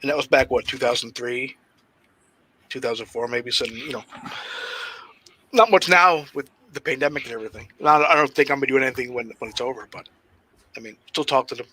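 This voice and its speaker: A man's voice: medium pitch, fairly quick, pauses often, low-quality recording. A man telling wrestling stories in a casual interview, swearing freely and acting out what people said. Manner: animated, swearing, acts out quotes with big laughs. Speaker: guest wrestler. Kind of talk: casual shoot interview storytelling.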